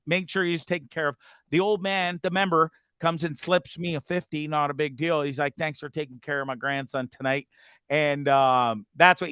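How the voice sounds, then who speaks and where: A man hosting a casual online show, telling a bar story with animated, laughing, bro-ish banter. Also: a little high, clear, resonant tone, no echo. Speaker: host.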